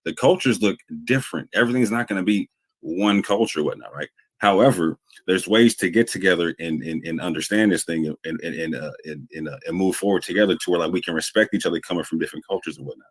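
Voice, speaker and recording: Deep-voiced man, quick and earnest, rambling with lots of fillers. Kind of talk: casual conversation.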